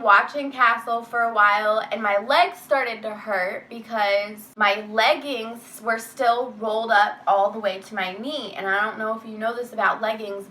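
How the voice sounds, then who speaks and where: A woman's voice: medium pitch, sharp tone, a little hiss or hum, rough recording. A young woman vlogger telling a story to camera in a chatty way, filling her talk with "like" and acting out her own panicked reactions.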